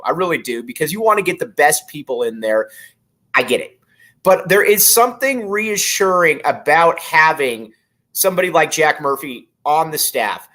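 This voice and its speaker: Excitable man hosting a sports show. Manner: enthusiastic, animated, jumps in pitch when excited. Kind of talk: excited sports talk with ad reads.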